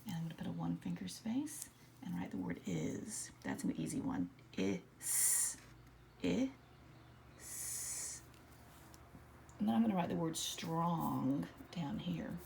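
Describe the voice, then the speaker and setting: A woman teaching an early-grade writing lesson, slowly sounding out letters and words in a soft, often whispered voice. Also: fairly low pitch, very animated, creaky, a little hiss or hum. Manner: slow, patient, sounding out letters.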